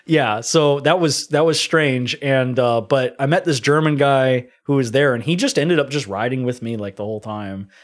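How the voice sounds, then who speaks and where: A man guest on a podcast, telling stories in casual chat with animated delivery and playful put-on accents. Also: medium pitch, moderate pace, hardly any pauses. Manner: animated storytelling, puts on mock German voices.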